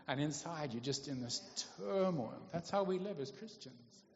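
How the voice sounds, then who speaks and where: Preaching casually in a church hall that echoes long, a man keeps pausing to check on his audience. His pitch is medium, and the dull, lo-fi recording has a darkish tone along with a little hiss or hum.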